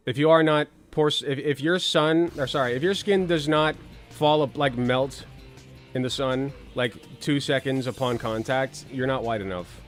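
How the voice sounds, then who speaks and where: A man's voice: medium pitch, moderate pace, soft background music. A man hosting casual political commentary, rambling with sarcastic, crude jokes and swearing.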